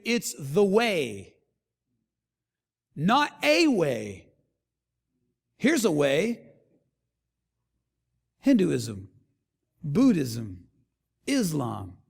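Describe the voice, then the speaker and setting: Gravelly high-voiced man preaching in a reverberant hall. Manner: animated storyteller acting out quotes. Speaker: pastor. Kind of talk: sermon.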